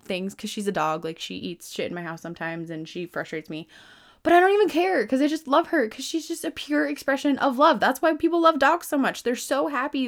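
A woman of about thirty talks straight to her listeners in a loose, unscripted self-help monologue. Her voice sits in a middle range and leaps up in bursts of emphasis, peppered with "like" and casual swearing. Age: around 30. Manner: chatty, lots of "like", swears freely, emphatic swings in pitch and loudness. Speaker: podcast host.

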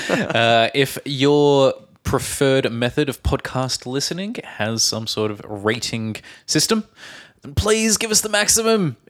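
A man's voice: medium pitch, lively intonation, slow pace, fairly bright tone. A man co-hosting a casual podcast, speaking in a polite, easygoing way with some light teasing. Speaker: podcast co-host. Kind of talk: casual chat.

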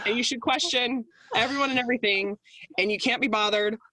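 A woman's voice: fairly high pitch, fairly quick, no echo. A woman chatting on a podcast with a lot of laughter, acting out over-the-top inner voices to make her point. The sound is dry and close, with almost no room around her. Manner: animated, laughing, acts out exaggerated inner voices. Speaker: guest speaker. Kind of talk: casual podcast chat.

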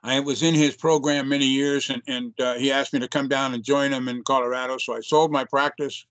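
A man's voice: medium pitch, level tone, brisk, fairly bright tone, dry recording. Earnest older man telling a story. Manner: earnest, reflective, many restarts. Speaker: chiropractor guest. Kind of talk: storytelling interview answer.

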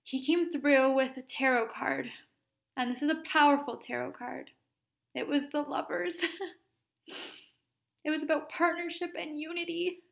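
A woman hosting a podcast, tearful and sniffling as she earnestly tells a story, laughing softly between phrases. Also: high-pitched, flat delivery, moderate pace, vocal fry, pauses often. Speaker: podcast host and Reiki practitioner. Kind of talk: casual solo podcast storytelling.

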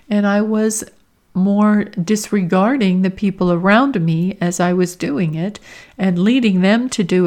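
A woman's voice: on the low side, a little mellow. A middle-aged woman hosting her own podcast as a career coach, speaking earnestly and from the heart in a reflective personal monologue. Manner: slow, earnest and heartfelt, with emotional emphasis.

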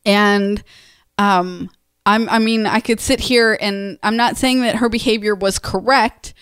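A woman's voice: medium pitch, fairly even intonation, a little slow, a bit bright, clean tone, no room sound, studio quality. A woman co-hosting a podcast, talking in a frank, matter-of-fact way. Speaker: podcast co-host. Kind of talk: casual chat.

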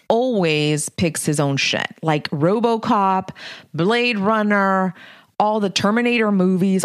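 Blunt woman coach, low dry voice. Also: dry recording. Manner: blunt, candid, mildly profane. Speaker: podcast host and leadership coach. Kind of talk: casual monologue.

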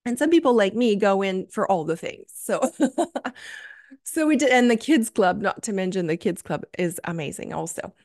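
A woman's voice: medium pitch, animated, normal speed, darkish tone. A young adult woman hosting a solo podcast, telling a story with gushing enthusiasm and many fillers. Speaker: podcast host.

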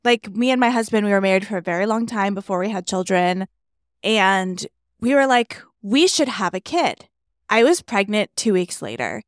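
A woman's voice: mid-range voice, expressive, moderate pace, clear, resonant tone, no echo, studio quality. A woman podcast co-host chatting casually and sharing a personal story. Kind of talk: casual chat.

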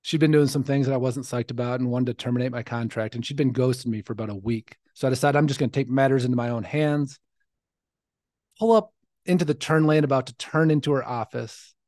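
A man's voice: medium pitch, fast, darkish tone, no echo. 40s guy podcasting, telling his own story, earnest and reflective, dry close mic. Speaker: podcast host. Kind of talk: personal storytelling monologue.

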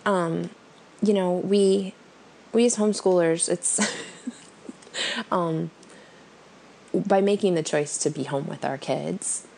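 A woman's voice: lowish voice, slow, gravelly, pauses often, a little mellow, slight background noise. A woman co-hosting a podcast in casual chat, telling stories and laughing often. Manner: chatty storyteller, laughs often. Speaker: podcast co-host.

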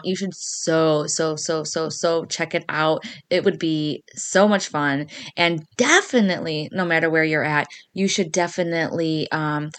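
Chatty woman host telling a spooky story. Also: fairly low pitch. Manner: animated, acts out quoted voices, laughs often. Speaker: podcast host. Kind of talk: casual storytelling.

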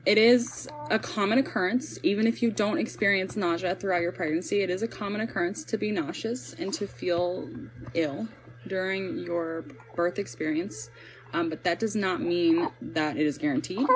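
A young woman hosting a casual live chat as a birth coach, bubbly and animated, laughing easily. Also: on the low side, normal speed, slight background noise, poor audio. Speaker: podcast host, birth coach.

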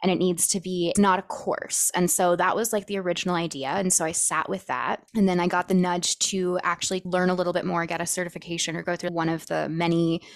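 A woman's voice: on the low side, little pitch movement, a little fast, vocal fry, few pauses, no room sound. A woman hosting a podcast, talking reflectively in long flowing runs with many "like"s. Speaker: podcast host. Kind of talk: casual conversation.

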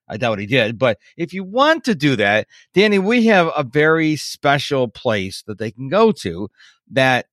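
A man co-hosting a podcast in casual chat, rambling and joking at his own expense, often breaking into lively, animated bursts. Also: medium pitch, no room sound, clean studio sound. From Texas. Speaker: podcast co-host.

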